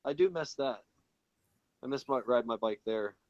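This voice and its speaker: Co-hosting a show, this man, English by origin but raised in a British household in Florida, jokes around in casual chat. He mostly sounds American but slips into a put-on British voice at times, and his medium-pitched, slightly mellow voice moves at a normal speed in a muffled recording with no room sound.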